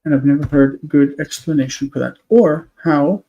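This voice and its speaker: A man with a fairly high but mellow voice teaches on a live stream. He explains patiently, step by step, pausing on fillers as he thinks aloud. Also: highs cut off. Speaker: Hebrew teacher.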